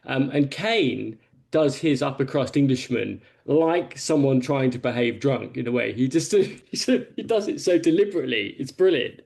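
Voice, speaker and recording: A man's voice: medium pitch, lively intonation, normal speed, vocal fry, a little mellow. A man on a podcast panel, telling a long film anecdote in a rambling, casual way.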